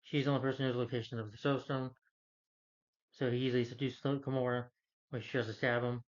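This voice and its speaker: A man walks through a movie's plot in loose, rambling fashion, restarting sentences and tossing in quoted lines without changing his voice. His pitch sits in the middle of the usual range for a man. The recording sounds a bit dull and lo-fi. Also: flat delivery, fast. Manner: rambling, with many restarts and fillers; quotes characters in his own voice. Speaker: film reviewer. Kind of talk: casual plot recap.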